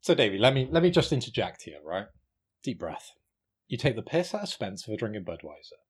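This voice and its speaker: Husky British man, teasing banter. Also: on the low side, sing-song, fairly quick. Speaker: podcast co-host. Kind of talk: casual podcast chat.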